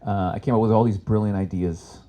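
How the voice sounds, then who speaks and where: A man doing a live stand-up comedy set on an event stage, swearing freely and swinging between loud punchlines and low asides. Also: fairly even intonation, a little fast.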